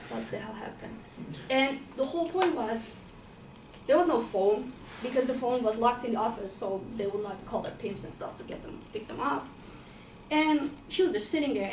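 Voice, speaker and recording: A woman with a fairly high voice shares a personal story in an everyday manner, saying things more than once and sometimes swearing. There's slight background noise, and the mic sits at a distance, giving a roomy tone with faint ambience.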